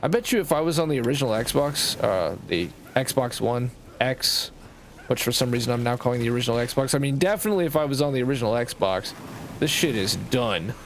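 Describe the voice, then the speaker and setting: A man's voice: medium pitch, fairly quick, slight background noise. Nasal-sounding Canadian man gaming. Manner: rambling, swears casually, talks to himself. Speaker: game streamer. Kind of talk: casual gameplay commentary.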